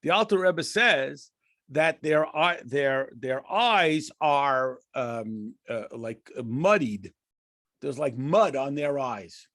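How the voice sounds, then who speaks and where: A man's voice: medium pitch, expressive, takes it slowly, fairly bright tone, no room sound, clean studio sound. An American man teaching a conversational Torah lesson, asking and answering questions with frequent restarts and chuckles. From United States. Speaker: rabbi teaching a class.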